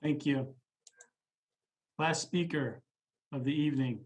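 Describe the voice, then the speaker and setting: A man chairing a board meeting, calling up speakers in a calm, polite way. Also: a little high, slow, poor audio.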